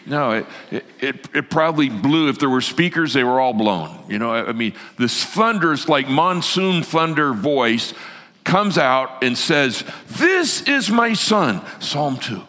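A male pastor preaching a sermon in an animated way, swinging from loud to hushed, heard in a reverberant church hall. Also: mid-range voice, a little slow.

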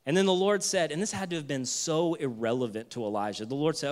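A male pastor preaching a sermon, retelling a story with dramatic swings between loud and soft. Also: fairly high pitch, quick pace, few pauses.

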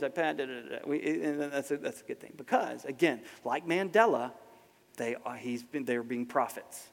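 A man preaching a sermon in a conversational way to a live congregation, often asking rhetorical questions. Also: mid-range voice. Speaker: pastor. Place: large hall with a live congregation. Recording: long hall reverb.

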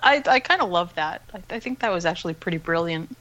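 A woman's voice: fairly low pitch, animated, fast talker, fairly bright tone, poor audio. A woman co-hosting a podcast, discussing a film casually and enthusiastically, with frequent restarts.

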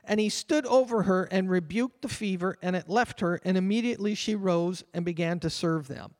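A man with a notably high voice preaches a sermon in a church sanctuary. His words ring out with a long hall reverb. He talks with earnest fervor and slows down to read scripture aloud. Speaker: pastor.

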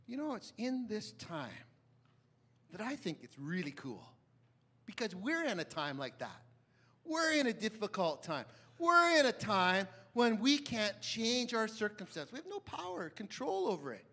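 A man preaching a sermon with dramatic swings between loud emphasis and hushed asides, often asking his listeners questions. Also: high-pitched, huge pitch swings, unhurried. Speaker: pastor.

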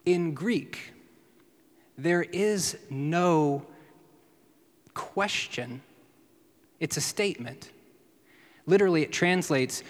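A man preaching a sermon, teaching in a lively way and dropping to a hushed voice for quotes. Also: fairly high pitch, extremely slow, long pauses, big-room sound. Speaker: pastor.

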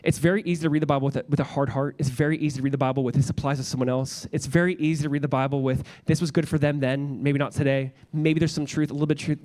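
A man's voice: fairly high pitch, steady tone, very fast, few pauses, a little mellow. A young adult man, a pastor, preaching a sermon in a church with an earnest, conversational manner, often restarting his phrases.

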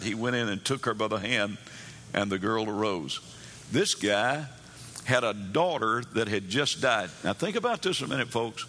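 A man's voice: medium pitch, bright, forceful tone. A man preaching a sermon, telling Bible stories and acting out the characters' pleas in a raised voice. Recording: long hall reverb.

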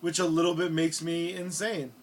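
A man's voice: a little high, flat delivery, moderate pace. A male podcast co-host in casual comedic chat, rambling and hesitant, with crude jokes and many asides.

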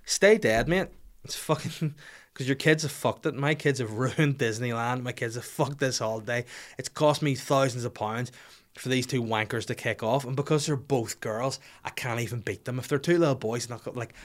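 A man's voice: medium pitch, moderate pace. A man, hosting a podcast in casual, rambling comic banter full of crude jokes. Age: 30s. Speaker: podcast host. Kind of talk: casual chat.

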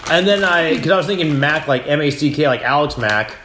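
A man's voice: on the high side, expressive, a little fast, sharp tone, echoey room, a little hiss or hum. A man hosting a podcast, telling stories in casual chat, rambling and swearing a lot. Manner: rambling, profane storytelling. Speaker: podcast host.

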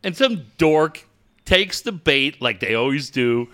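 A man's voice: fairly high pitch, animated, slow, a bit bright. A man co-hosting a casual sports podcast, profane and boisterous as he rants animatedly.

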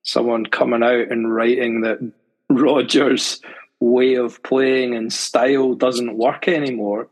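A man co-hosting a football podcast, making his case in a steady, measured way. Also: medium pitch, breathy edge. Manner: measured, argues a point steadily. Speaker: podcast co-host. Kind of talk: casual football chat. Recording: long reverb on the voice.

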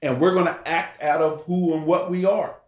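A man's voice: a little high, fairly even intonation, moderate pace. A man giving an informal sermon, talking through scripture in a rambling, conversational way with rhetorical questions. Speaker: preacher. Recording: roomy echo.

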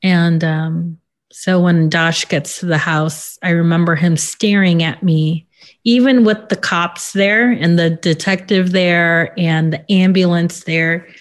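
A woman in an interview who gives a personal account in a halting, subdued way, with many pauses and fillers. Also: lowish voice, steady tone. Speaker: interview guest.

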